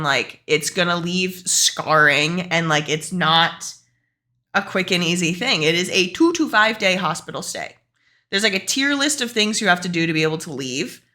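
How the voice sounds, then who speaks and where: A young adult woman streamer ranting casually to her chat, profane and emphatic. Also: medium pitch. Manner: profane, animated, fast and emphatic.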